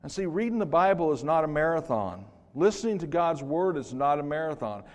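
An older man preaching a sermon as pastor in a church, swinging from hushed to loud with joking asides. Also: fairly high pitch, very animated, brisk, few pauses. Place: church sanctuary. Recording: long reverb of a church hall.

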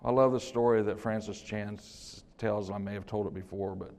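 An older man preaching a sermon as pastor in a church, swinging from hushed to loud with joking asides. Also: lowish voice, fairly even intonation, normal speed. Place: church sanctuary. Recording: long reverb of a church hall.

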